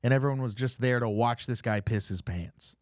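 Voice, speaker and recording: A man's voice: mid-range voice, a little fast. A man hosting a podcast, telling stories in casual chat and acting out the quotes, swearing freely. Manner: animated storyteller, acts out quotes, swears freely. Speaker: podcast host.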